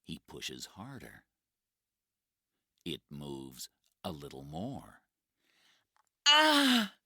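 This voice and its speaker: A man narrating a graded-reader story for English learners, very slowly and clearly spoken. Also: very deep voice, sing-song, a bit bright, dry recording, clean studio sound.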